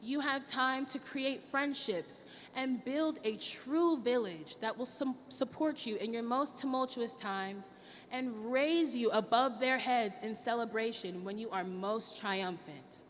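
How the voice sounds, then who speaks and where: Speaking to her fellow graduates, a young adult student gives a heartfelt, emotional commencement address. Her voice leans high and she keeps a measured pace. The mic is far away, so a long hall reverb and faint noise surround her words.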